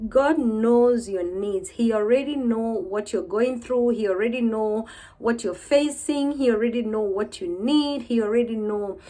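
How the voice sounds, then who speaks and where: A woman in her thirties vlogging to camera in a casual, heartfelt way, weary and low, repeating herself as she talks of faith. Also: moderate pace, dark tone.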